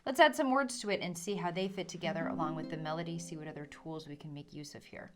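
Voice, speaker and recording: A woman's voice: sits low, quick pace. A woman teaching a ukulele lesson, explaining patiently, counting in and singing along. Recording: ukulele playing under the voice.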